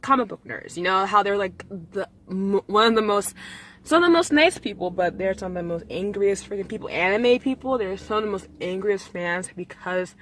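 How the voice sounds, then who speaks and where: A woman's voice: mid-range voice, pushed and bright, poor audio. A young adult woman talking to her viewers in a casual vlog, rambling with many restarts and fillers. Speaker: vlogger.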